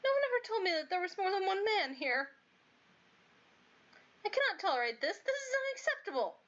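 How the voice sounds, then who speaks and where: Give me a woman doing a haughty young game princess, sharp-tongued and indignant, bright and high. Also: very animated, fairly quick, full character voice. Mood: frightened. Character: haughty young princess, proud and easily frightened. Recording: dull lo-fi audio, faint music.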